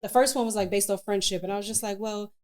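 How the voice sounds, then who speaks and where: A woman spoken word poet, appearing as a guest on an interview show, talks candidly and colloquially about her work in a casual chat. Her mid-range voice moves very fast, and she tells stories expressively.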